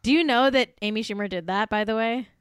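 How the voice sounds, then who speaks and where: Woman podcast host dishing gossip, says like a lot, swears, clean crisp voice in a dead dry room. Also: a little high, quick pace, dry recording. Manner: chatty, swears, heavy use of "like". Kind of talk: casual gossip chat.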